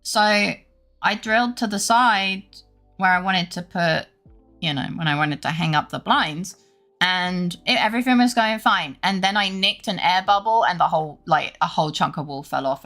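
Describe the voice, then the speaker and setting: Gravelly-voiced woman streamer chatting. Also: on the low side, normal speed, fairly bright tone, faint music behind. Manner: rambling, self-conscious, laughs often. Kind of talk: casual chat with stream viewers.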